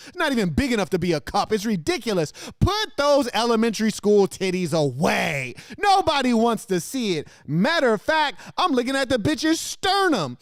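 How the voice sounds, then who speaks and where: A man's voice: sits high, no echo. A man hosting a show, giving crude, mocking reaction commentary on video clips in his studio. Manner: brash, mocking, crude insults with sudden laughs. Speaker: host.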